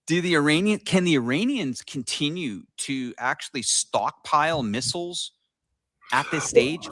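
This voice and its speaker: A man's voice: mid-range voice, fairly bright tone, dry recording. A man hosting a live interview, chatty and probing as he puts questions to his guest. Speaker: host.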